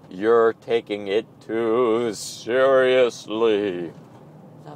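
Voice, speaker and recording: Speaking at a medium pitch, this audio blogger rambles through his thoughts with a playful, self-mocking humor. The casual reflection carries slight background noise.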